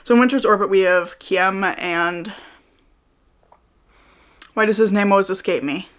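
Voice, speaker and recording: A woman's voice: mid-range voice, fairly even intonation, a little slow, fairly bright tone. A woman giving casual book recommendations in a chatty way, often hedging with "like" and "I think". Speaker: book reviewer.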